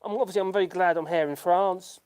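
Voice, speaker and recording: This YouTube channel host, a man from the UK, runs a casual live stream at home in rural France, reading comments as they come in. He rambles, pokes fun at himself, laughs a lot and restarts sentences constantly. His voice is high, quick, fairly even in intonation, a little mellow, and clear and resonant.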